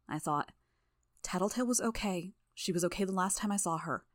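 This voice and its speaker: A woman narrating a first-person story for a fan audiobook in a steady, even way. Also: fairly low pitch, a little fast, no room sound, studio quality.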